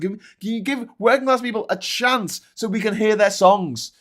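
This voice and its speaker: Sweary man ranting, fairly high voice. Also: moderate pace, hardly any pauses, a bit bright. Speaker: host. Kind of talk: casual ranting chat.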